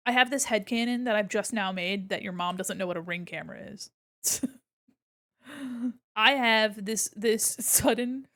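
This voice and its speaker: A young woman streamer chatting casually with her viewers while she draws, animated, laughing often and swearing freely. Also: a little high. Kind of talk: casual chat with a live stream chat while drawing.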